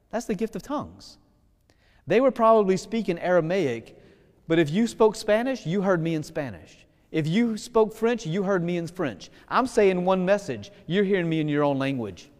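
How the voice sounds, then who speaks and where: A male Catholic priest giving a sermon in a lively, casual way, slowing down to stress key points. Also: sits high. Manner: lively, casual preaching that slows for emphasis. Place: church. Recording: long church reverb.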